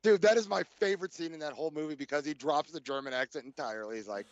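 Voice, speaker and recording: A man's voice: on the high side, racing, no echo. A man hosting a podcast, teasing his co-hosts and laughing through crude banter. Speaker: podcast host. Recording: dull dry podcast mic.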